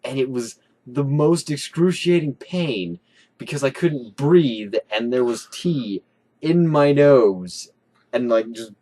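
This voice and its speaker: A young man co-hosting, telling a funny story in a casual, excitable way, swearing often. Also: medium pitch, slow pace. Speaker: co-host.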